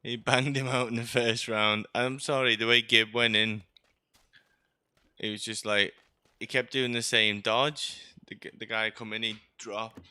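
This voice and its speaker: Male streamer, joking rambler, lowish voice, clear and close. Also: level tone, unhurried, pushed and bright, dry recording. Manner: chatty, joking, sarcastic asides. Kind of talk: rambling gameplay commentary.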